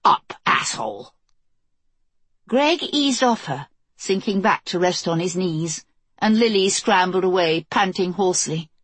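A woman narrating an audiobook in a measured, intense storytelling manner. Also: fairly low pitch, slightly rough, no echo. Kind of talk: scripted narration.

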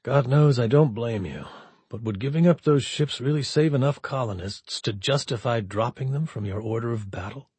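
Man playing a weary captain, soft and steady, audiobook, close dry sound. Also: medium pitch, moderate pace, slightly rough, dry recording. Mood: gentle. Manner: gentle, subdued. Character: weary middle-aged male captain, gentle and steady.

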